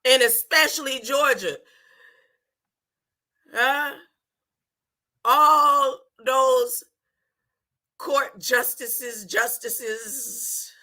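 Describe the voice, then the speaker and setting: Excitable, laughing high-voiced woman preacher. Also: very slow, long pauses. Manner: excitable, laughing often, repeating phrases, asking "huh?". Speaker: online preacher. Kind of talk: animated live-stream talk about dreams and scripture.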